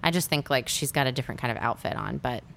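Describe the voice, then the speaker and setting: Very low-voiced woman recapping a film. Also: quick pace, gravelly, a little hiss or hum. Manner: animated storyteller who acts out quoted lines. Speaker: film discussion co-host. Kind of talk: casual chat recapping a film.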